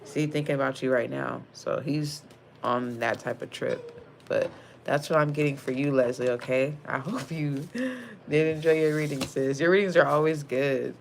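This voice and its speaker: A woman's voice: a bass voice, normal speed, gravelly, a little hiss or hum. A young woman giving a casual tarot reading, blunt and slangy with lots of profanity, calling the viewer sis. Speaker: tarot card reader.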